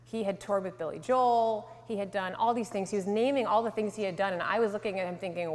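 A woman in her thirties, from Connecticut, tells her faith testimony to a live audience. She speaks earnestly and sinks to a near hush on the tender lines. Her voice rings with the long reverb of a large hall. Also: medium pitch, brisk, hardly any pauses. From Connecticut, USA. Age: 30s. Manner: earnest storytelling, drops to a soft hush for emotional lines.

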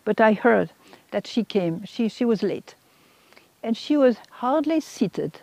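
Woman giving an emotional testimony, halting. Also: a little high, lively intonation, vocal fry, a little mellow, dry recording. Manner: halting, repeats words, voice rises when quoting others. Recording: dull lo-fi recording.

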